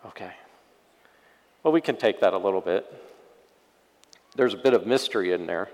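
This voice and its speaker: A male pastor preaching a sermon with wry, sarcastic asides, swinging from loud passages to very quiet ones. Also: sits low, normal speed, big-room sound, poor audio.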